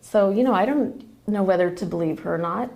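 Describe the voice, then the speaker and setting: A woman's voice: mid-range voice, fairly quick, gravelly, darkish tone. A woman telling an emotional personal family story as a podcast guest, retelling what others said. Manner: emotional, quotes others in a run of retold dialogue.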